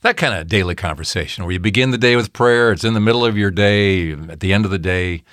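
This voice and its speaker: A man's voice: on the low side, quick pace, fairly bright tone, smooth, no echo, studio quality. A man hosting a podcast, reflecting in short phrases. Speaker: podcast host. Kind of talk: casual chat.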